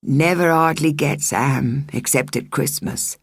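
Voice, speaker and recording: A woman's voice: sits low, measured pace, husky, no room sound, studio quality, exaggerated voice. Woman doing a cheeky evacuee boy. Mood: greedy. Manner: cheeky, slangy, greedy for food.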